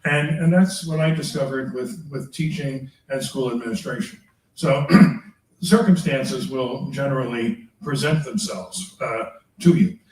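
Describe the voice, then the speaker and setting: An older man, a priest, lecturing teachers in a chatty way, chuckling often and tagging his points with quick questions to the room. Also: mid-range voice, a little mellow. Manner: chatty, chuckling, tags remarks with "all right?". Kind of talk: lecture with personal anecdotes. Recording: echoey room, mic far off.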